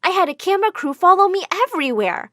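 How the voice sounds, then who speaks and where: A woman telling a first-person story with plenty of drama, her high voice swinging up and down expressively. The recording is close and dry, with no room sound. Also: very animated, fast talker, fairly bright tone, no room sound. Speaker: narrator. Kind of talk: scripted storybook narration.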